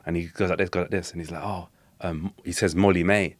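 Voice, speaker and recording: A young man, his voice sitting very low. He rattles through his stories at a quick clip, slangy and animated, and the recording is dry and close. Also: no echo. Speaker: podcast guest, street interviewer. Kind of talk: casual storytelling chat.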